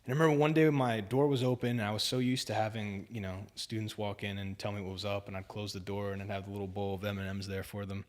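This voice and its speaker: Guest, young adult male, low register, loose, filler-heavy storytelling. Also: flat delivery, fast, hardly any pauses. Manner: rambling, filler-heavy, says "like" and "dude" often. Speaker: podcast guest. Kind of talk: casual storytelling chat.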